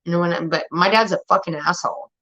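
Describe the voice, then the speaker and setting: A woman's voice: fairly low pitch, fast. Profane woman ranting, lo-fi sound. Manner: profane, rambling, animated when retelling. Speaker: show host. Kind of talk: casual storytelling rant. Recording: dull lo-fi stream audio.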